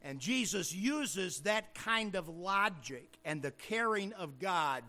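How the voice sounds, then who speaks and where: A pastor delivering a sermon in a high, bright man's voice. He plays with alliterative wordplay. His explanations start quiet and swell into loud, emphatic shouts. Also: animated, takes it slowly.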